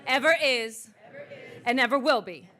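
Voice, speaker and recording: A woman leads a live crowd through affirmations and spoken-word pieces. Her voice is bright and forceful and sits a little high. She speaks in rhythmic, declarative phrases meant for a room to repeat. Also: a little slow. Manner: rhythmic, declarative, leading call-and-response. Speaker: motivational speaker. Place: art museum event space.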